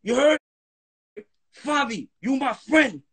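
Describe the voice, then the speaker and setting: A man's voice: extremely high pitch, takes it slowly, gravelly, breathy edge. A man talking as a guest on a live stream in a heated, profane rant, often checking "you heard?". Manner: profane, animated, keeps asking "you heard?".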